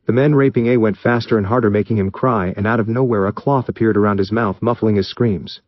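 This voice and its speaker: A man narrating fan fiction aloud in a plain, steady reading voice. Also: lowish voice, a little fast, dry recording, dull audio.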